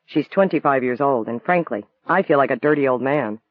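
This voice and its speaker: A man voicing a quiet, sad, guarded man with a subdued, pensive delivery. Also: mid-range voice, animated, fairly quick, dry recording, close to an everyday voice. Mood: sheepish. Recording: dry, tinny phone-like sound.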